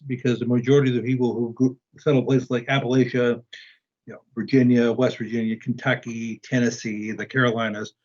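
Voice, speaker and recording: A man with a mid-pitched, ordinary voice tells stories as a guest. He hesitates often and restarts his sentences. The audio is dull and lo-fi. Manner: hesitant, many ums and restarts. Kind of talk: casual conversation.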